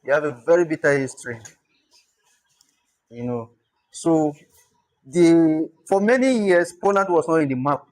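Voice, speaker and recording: A man's voice: fairly high pitch, lively intonation, unhurried, pauses often, a little mellow, rough recording. A man giving an online lesson on spelling, thinking aloud, sounding out words and chuckling as he goes. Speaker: instructor.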